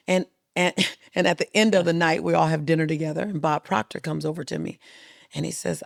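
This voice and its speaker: A middle-aged woman with a gravelly edge to her voice tells a story as a podcast guest. She is animated and acts out the people she quotes, with a dry, close sound. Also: low voice, a little fast, no room sound. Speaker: guest speaker.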